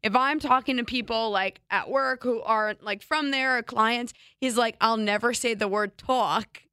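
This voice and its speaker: A woman from New Jersey, a co-host with a faint New Jersey accent, teases and jokes in quick asides during a relaxed chat. Her voice sits a little high and sounds smooth and clean, recorded dry and close with no room around it. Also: no echo. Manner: teasing, jokey, quick interjections. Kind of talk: casual chat.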